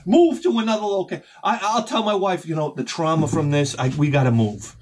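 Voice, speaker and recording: A middle-aged man telling a rambling, profane story as a video host, sometimes shouting as he acts out his panic. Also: on the high side, a little fast, slight background noise. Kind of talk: casual storytelling vlog.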